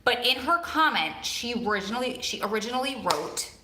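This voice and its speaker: A woman's voice: on the high side, lively intonation, brisk, background noise. A woman from Long Island with a strong New Jersey and Long Island accent, chatting casually on her live stream. She rambles and repeats words for emphasis. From Long Island, New York. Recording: echoey room.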